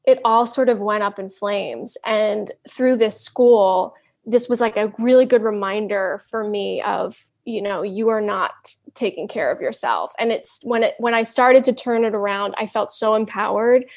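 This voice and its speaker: A woman guest in a podcast interview, speaking in an earnest, candid way with halting restarts. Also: medium pitch. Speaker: interview guest, wellness counselor. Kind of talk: casual interview chat.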